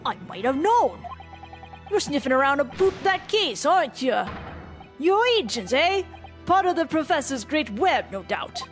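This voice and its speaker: A woman voicing a gruff, hostile male prison governor in a story game, blustering and threatening. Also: high voice, big pitch swings, measured pace, faint music behind.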